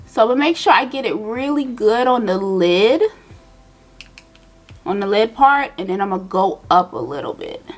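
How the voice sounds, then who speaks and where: A woman's voice: mid-range voice, normal speed. Chatty young woman vlogger telling a story. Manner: animated, chatty, addresses viewers directly. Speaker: beauty vlogger. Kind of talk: casual storytelling while doing makeup.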